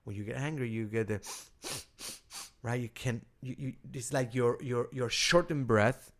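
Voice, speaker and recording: Speaking at a medium pitch, this middle-aged man, a rabbi and cantor, delivers an informal lesson in an Argentine Spanish accent. His delivery is halting, full of repeated words and restarts.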